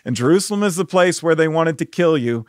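A man's voice: on the high side, lively intonation, quick pace, dry recording, studio quality, lightly acted. A preacher acting out a sarcastic, fearful disciple who jokes to hide his fear. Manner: sarcastic, joking.

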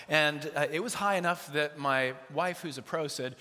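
Bright-voiced pastor in a reverberant hall. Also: male voice, a little high, a little fast, hardly any pauses. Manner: storytelling with playful asides and acted-out dialogue. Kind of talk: sermon. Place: large church sanctuary.

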